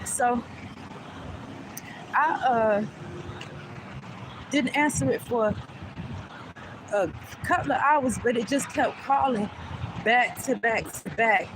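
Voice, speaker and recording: A woman's voice: fairly high pitch, slow, pauses often, background noise. A woman vlogger telling a casual storytime in a chatty way, often asking "you know what I'm saying".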